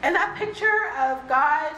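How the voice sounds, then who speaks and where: A woman giving a reflective faith talk, earnest and conversational, slowing down to stress key points. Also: high voice, lively intonation, pushed and bright, slight background noise. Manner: earnest, conversational, slows for emphasis. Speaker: speaker. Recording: echoey room with faint ambience.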